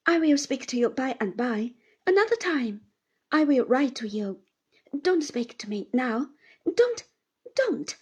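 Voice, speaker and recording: A woman voicing a gentle, devoted young woman who speaks softly and goes high when upset. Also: sing-song, a little slow, vocal fry, slightly rough, heavily acted. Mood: distressed.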